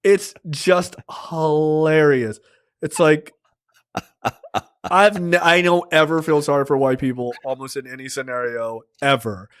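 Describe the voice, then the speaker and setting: A man's voice: on the high side, unhurried, clear, resonant tone. A man co-hosting a film review chat, joking with lots of slang and laughter. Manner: lively, laughing, profane slang-heavy banter. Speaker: film review podcast co-host. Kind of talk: casual conversational film discussion.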